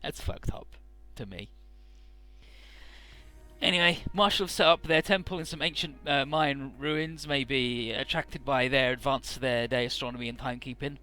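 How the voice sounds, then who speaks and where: Male let's player, bright tone, loose and swearing, faint music behind. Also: medium pitch, steady tone, normal speed. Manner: casual, profane, paraphrasing dialogue loosely. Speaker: let's play narrator. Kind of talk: casual game commentary.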